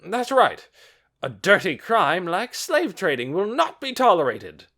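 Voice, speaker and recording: A man voicing a pushy, self-righteous male official who talks in a loud, blustering, overeager way in an audiobook. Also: a little high, wildly swooping pitch, a little slow, creaky, voice pushed up, heavily acted. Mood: indignant.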